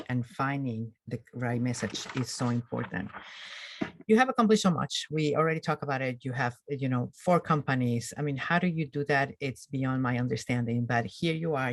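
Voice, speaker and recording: A woman's voice: extremely low pitch, dry recording. Woman host, thoughtful, lots of ums, dry close sound. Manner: thoughtful, measured, with frequent ums. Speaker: host interviewer. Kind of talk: conversational summit interview.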